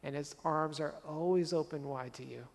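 A man's voice: a little high, moderate pace, creaky, long reverb tail. A man preaching a sermon as a pastor, conversational and earnest, driving points home with repeated phrases.

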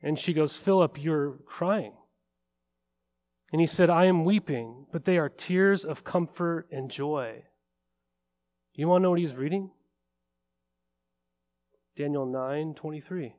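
A man's voice: a little high, slow, long pauses, a little mellow. A man preaching a sermon as a pastor, earnest and building to fervent emphasis.

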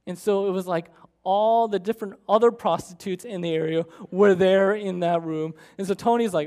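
A preacher telling a story in a sermon, with animated, dramatic storytelling. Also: mid-range voice, moderate pace.

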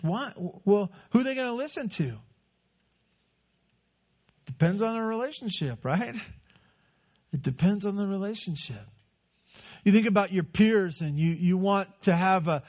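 A man's voice: high voice, dull audio. A man preaching a sermon in a conversational way, asking rhetorical questions and answering them. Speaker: pastor.

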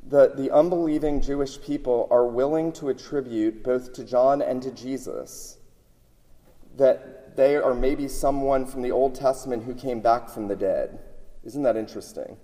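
A man's voice: medium pitch, normal speed, mellow. A man preaching a sermon, emphatic, often repeating words as he builds his points. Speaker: pastor. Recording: long hall reverb.

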